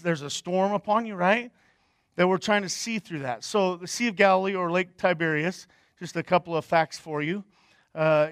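A man preaching a sermon in a conversational way, asking the room questions and getting animated as he retells the story. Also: sits high, dry recording, studio quality. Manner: hushed and soft when praying. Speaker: pastor.

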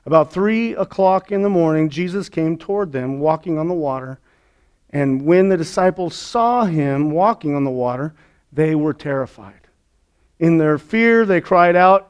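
A man preaching a lively, conversational sermon, often checking in with the congregation. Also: sits high, moderate pace, clean tone. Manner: energetic, conversational preaching with frequent "right?" asides. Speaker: pastor.

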